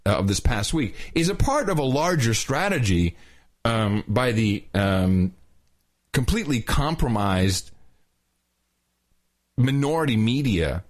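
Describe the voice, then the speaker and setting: A man hosting a podcast, talking in a sarcastic, mocking, animated way. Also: mid-range voice. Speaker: podcast host. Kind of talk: casual podcast talk.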